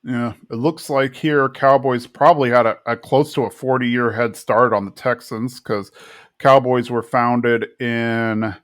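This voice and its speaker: Guy chatting on a podcast, recapping an episode, mid pitch, laid back. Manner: retells scenes, briefly mimicking characters. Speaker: podcast co-host. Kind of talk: casual episode recap chat.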